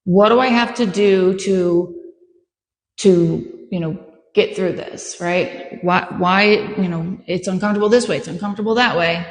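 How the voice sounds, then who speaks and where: Woman, dog trainer, calm explanations, unhurried delivery, reverberant room. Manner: calm, patient explaining, bursts of high praise.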